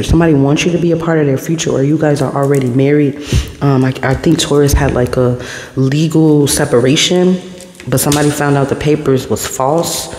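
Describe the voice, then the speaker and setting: A man's voice: fairly high pitch, brisk. A man giving an intuitive tarot reading to camera, talking in a meandering, repetitive way as the messages come to him. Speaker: tarot reader. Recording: echoey room with long reverb and steady background noise.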